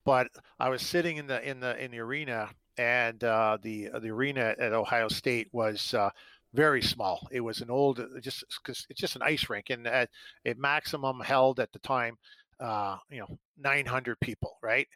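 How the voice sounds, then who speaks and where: A middle-aged Canadian man, once a hockey player, tells long rambling stories in an interview, full of fillers and acted-out quotes. His medium-pitched voice is steady and sharp at a moderate pace, on a dry, rough recording.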